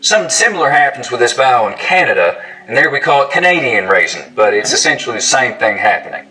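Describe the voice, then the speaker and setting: Bright, lively man explaining accents. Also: medium pitch, quick pace. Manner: lively, playful demonstrations of accents. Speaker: accent expert. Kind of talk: explanatory narration. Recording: distant mic.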